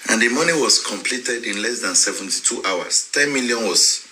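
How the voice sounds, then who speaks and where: A man's voice: on the low side, animated, normal speed, bright, forceful tone, slight background noise, low-quality recording. A man with a Nigerian accent giving an impassioned address, switching between English, Yoruba and pidgin and growing emphatic. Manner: mixes English, Yoruba and pidgin, emphatic and rising when indignant. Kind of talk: impassioned live-stream address.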